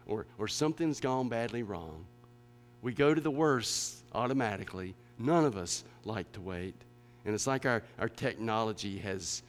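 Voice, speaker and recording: Man preaching in an echoing hall. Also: on the low side. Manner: dramatic, swings from hushed to emphatic. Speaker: pastor. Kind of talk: sermon. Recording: long hall reverb.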